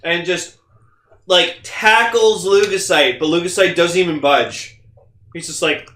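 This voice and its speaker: A young man co-hosting a casual podcast, talking excitably and rambling, with frequent swearing. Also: high voice, unhurried, reverberant. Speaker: podcast co-host. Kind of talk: casual chat.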